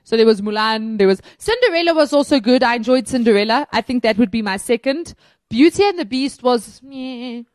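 A woman co-hosting a casual film review talks enthusiastically, with many fillers and restarts. Her voice sits a bit high, and the sound is dry and close with no room echo. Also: expressive, fairly quick. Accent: South African.

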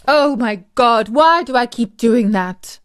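A woman's voice: on the high side, lively intonation, slow pace. A woman voicing a shaken, flustered fake witch in a storybook. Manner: flustered, apologetic.

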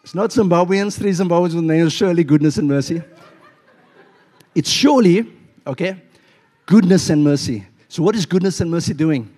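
A male pastor preaching a sermon in a church, animated and playful, acting out little voices as he tells a story. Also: a little high.

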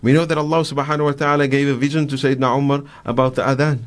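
In a radio studio, a guest scholar with a South African accent races through religious stories in a mid-range voice. He's an animated storyteller who acts out the quotes and uses plenty of fillers.

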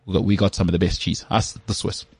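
A man hosting a casual podcast chat, telling rambling stories with lots of fillers and a husky voice. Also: sits low, fast, dry recording. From South Africa. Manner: animated storyteller, rambling with many fillers. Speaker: podcast host.

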